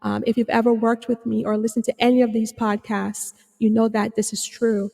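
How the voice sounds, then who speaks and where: A woman hosting her own podcast as a psychotherapist, talking earnestly with many fillers and restarts, a little hoarse. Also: fairly high pitch, flat delivery, brisk, warm tone, long reverb tail. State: slightly hoarse, clearing her throat. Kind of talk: reflective solo podcast talk.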